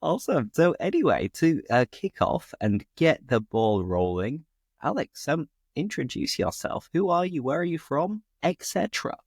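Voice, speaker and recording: A man's voice: moderate pace, no room sound, studio quality. A man with a northern English accent, hosting a casual conversation show for English learners in an upbeat, bouncy way. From northern England. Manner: upbeat, bouncy, lively pitch. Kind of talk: casual chat.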